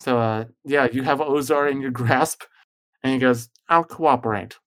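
Game master, tabletop narration, relaxed, hesitant, mid-range voice. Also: mid-range voice, moderate pace. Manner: casual, hesitant, with fillers and giggles.

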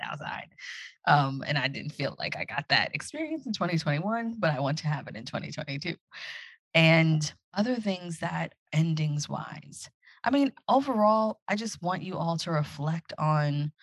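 A woman's voice: low-pitched, husky, dry recording. A woman hosting a podcast alone, chatting casually and reflectively as she encourages her listeners. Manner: acts out her own excited inner voice. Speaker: podcast host. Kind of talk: casual solo podcast talk.

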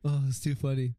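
A man's voice: a little high, dark tone. A young man co-hosting a podcast in casual chat, laughing often, swearing and riffing on jokes. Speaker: podcast co-host.

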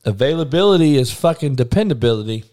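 A man's voice: medium pitch, animated, fast talker, darkish tone. A man ranting bluntly and profanely in casual talk, laughing between heated points.

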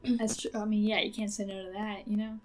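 A woman's voice: medium pitch, little pitch movement, a little fast, a little mellow. A woman co-hosting a casual podcast, mostly giving short agreeing responses and the odd dry joke. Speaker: podcast co-host. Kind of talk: casual chat.

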